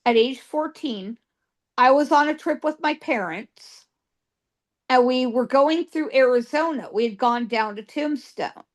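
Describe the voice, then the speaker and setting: A woman's voice: sits high, unhurried. A woman guest psychic telling ghost stories in an interview, emphatic, piling up repeated words for stress.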